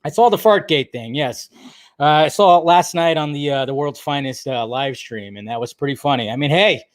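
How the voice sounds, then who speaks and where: A man's voice: fairly high pitch, normal speed, dry recording, studio quality. A man hosting a casual live stream, chatting and joking while he greets viewers by name.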